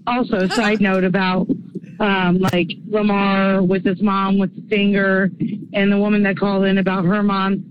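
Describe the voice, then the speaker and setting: A woman's voice: mid-range voice, level tone, moderate pace, lo-fi sound. A woman from small-town Illinois, leaving a rambling, giggly voice message for a talk show. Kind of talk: chatty voicemail story.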